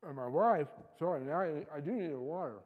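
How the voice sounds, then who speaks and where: A man's voice: a little high, animated, fairly quick, narrow, tinny audio. A man preaching a casual sermon, chatty and self-deprecating, cracking jokes as he talks. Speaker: pastor. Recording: long reverb of a large hall.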